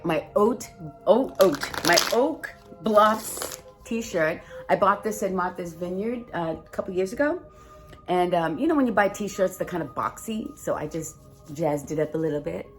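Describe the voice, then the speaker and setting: A woman hosting a casual spiritual video from home by the fire, chatting in a rambling way with fillers and giving encouraging advice. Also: lowish voice. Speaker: host reading oracle cards. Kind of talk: casual spiritual vlog chat.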